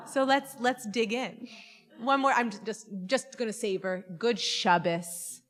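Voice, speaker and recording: A woman's voice: on the high side, a little slow, long reverb tail. A woman rabbi leading a Shabbat service, chatty and playful as she talks with the congregation. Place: synagogue sanctuary.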